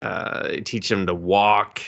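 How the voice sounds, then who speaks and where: A young man chatting loosely about a movie as a podcast co-host, often laughing and slipping into silly voices. His voice sits fairly low but sounds bright and edgy, with plenty of gravelly fry. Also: flat delivery, takes it slowly, highs cut off. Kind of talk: casual movie review chat.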